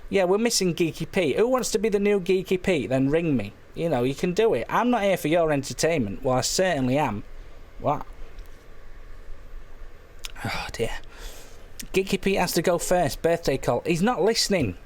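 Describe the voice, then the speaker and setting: A man hosting a comic late-night phone-in stream, rambling in a silly, deadpan way, his voice a little hoarse. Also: on the high side, a little fast, hardly any pauses. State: slightly hoarse. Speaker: phone-in show host.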